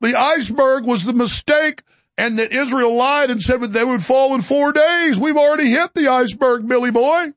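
A man hosting his own show, delivering rapid-fire political commentary in a combative, sarcastic way. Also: very high voice, fairly bright tone, no echo. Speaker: show host.

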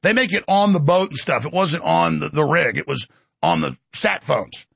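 Fiery, sarcastic man with gravelly voice. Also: fairly high pitch, moderate pace, no echo. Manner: sarcastic, fiery, with shouted bursts. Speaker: talk show host. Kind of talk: ranting monologue.

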